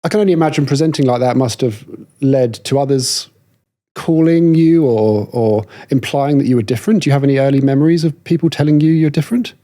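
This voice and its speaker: A man hosts a podcast interview, putting careful questions to his guest. His voice is mellow and mid-pitched, and he speaks in a measured, thoughtful way with a few hesitant restarts. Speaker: podcast host.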